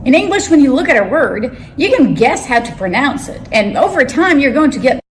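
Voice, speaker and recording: A woman's voice: high voice, sing-song, fairly quick, a little hiss or hum, low-quality recording. A woman English teacher explaining things casually in an online lesson.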